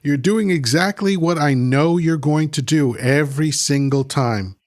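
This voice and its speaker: A man's voice: a little high, unhurried, no room sound, studio quality. A man hosting a livestream, reading chat comments aloud and arguing with them in a combative, mocking way, often repeating himself. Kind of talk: heated political rant.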